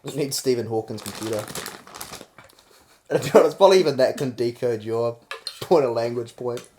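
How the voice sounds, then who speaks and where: A young man from New Zealand with a New Zealand accent, co-hosting a podcast and telling crude comic stories quickly and loosely. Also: mid-range voice, mellow, a little hiss or hum. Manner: fast, rambling storyteller, acts out quotes. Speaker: podcast co-host. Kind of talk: crude comedic banter.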